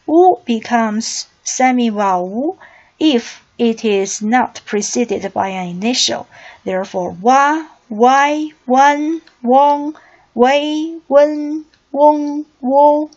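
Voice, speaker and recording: Slow, high-voiced woman teaching pronunciation. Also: darkish tone. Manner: slow, deliberate explaining with drilled syllable readings. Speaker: Chinese language teacher. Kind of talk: pronunciation lesson. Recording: dull lo-fi recording.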